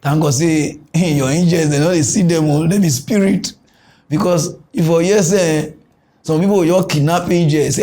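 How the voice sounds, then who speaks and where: A man with a Nigerian Pidgin English accent hosting a satirical comedy news show, ranting animatedly and switching between loud outbursts and low mutters. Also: fairly even intonation, normal speed.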